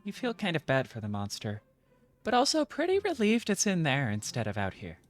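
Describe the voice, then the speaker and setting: Playful woman streamer reading game text with jokey asides, lively swooping pitch, faint game music under her. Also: brisk. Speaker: streamer playing a video game.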